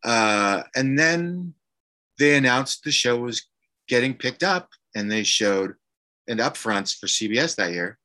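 A man, an actor, telling a candid personal story in conversation, halting and emotional with many fillers and restarts. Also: mid-range voice, animated, pushed and bright. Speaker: actor guest.

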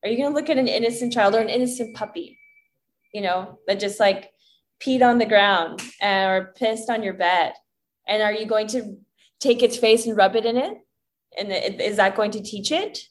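A woman guest in a casual spiritual chat, earnest and preachy, acting out gentle inner dialogue. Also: mid-range voice, normal speed.

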